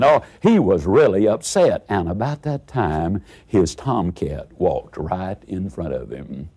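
A man's voice: mid-range voice, unhurried, hardly any pauses, husky. A man giving a motivational speech, telling stories, acting out the characters and asking the audience rhetorical questions. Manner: animated storyteller who acts out characters. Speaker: motivational speaker.

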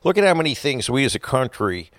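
A man in his forties, co-hosting a podcast with casual chat and deadpan quips. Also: medium pitch, fast, no echo, clean studio sound. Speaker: podcast co-host.

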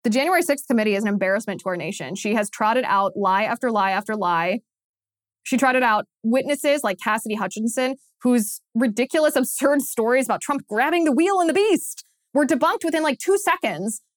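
A woman's voice: on the high side, lively intonation, a little fast, no room sound, clean studio sound. Scornful, emphatic woman podcast host. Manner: scornful, mocking; emphatic, repeats phrases for effect. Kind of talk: opinionated political commentary.

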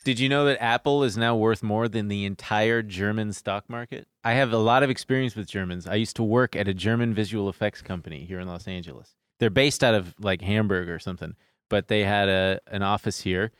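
A man co-hosting a casual podcast, telling animated stories and mimicking voices. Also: lowish voice, a little fast, smooth, dry recording, studio quality. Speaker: podcast co-host. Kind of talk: casual chat.

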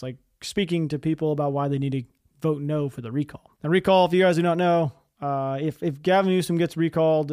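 A man's voice: a little high, darkish tone, dry recording, clean studio sound. A man hosting a podcast, ranting heatedly about politics with a lot of swearing. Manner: heated, profane, fast-talking. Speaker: podcast host.

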